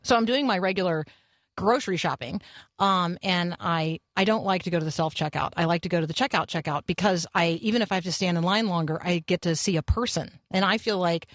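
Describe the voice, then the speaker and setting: A woman's voice: on the low side, a little fast, dry recording. A woman radio host telling a story in casual talk, acting out the voices of the people she quotes.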